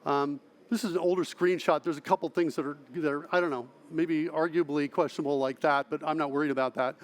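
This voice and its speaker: A man with a fairly high voice presents a technical talk at a conference. He talks in a lively way, keeps checking in with his audience, and often restarts his phrases. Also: fast. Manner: lively, asks audience "right?" often, self-correcting restarts. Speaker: conference speaker. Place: large conference hall.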